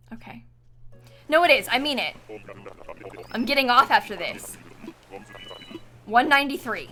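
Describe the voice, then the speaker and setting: A woman's voice: a little high, big pitch swings, unhurried, pauses often, sharp tone. A woman streamer chatting live while playing a game, exasperated, talking to herself and often laughing. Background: faint background music.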